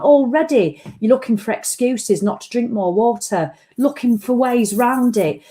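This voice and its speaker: A woman's voice: on the high side, lively intonation, normal speed, hardly any pauses, dark tone. A tired woman, ranting bluntly and swearing freely as she hosts a casual live-stream chat. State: tired after a run. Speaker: vlog host.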